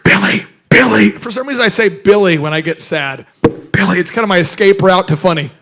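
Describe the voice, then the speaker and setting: Animated high-voiced male workshop host. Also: quick pace. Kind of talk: energetic business workshop talk.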